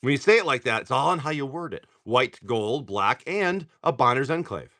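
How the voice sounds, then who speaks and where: Excitable tired man opening card packs live. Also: medium pitch, moderate pace. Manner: excitable, swears and laughs, talks to viewers by name. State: tired from poor sleep. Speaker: livestream card seller. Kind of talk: casual live-stream chat while opening card packs.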